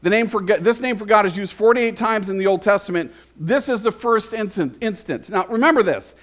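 High-voiced man preaching a sermon. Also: a little fast, fairly bright tone. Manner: conversational, quizzes the congregation with questions. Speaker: pastor.

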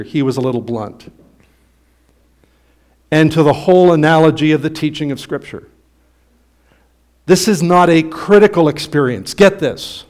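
Preacher guy w a slightly high voice, gets loud and punchy then trails off low. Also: unhurried, long pauses. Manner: emphatic preaching, rising loud on quoted passages. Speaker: pastor. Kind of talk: sermon.

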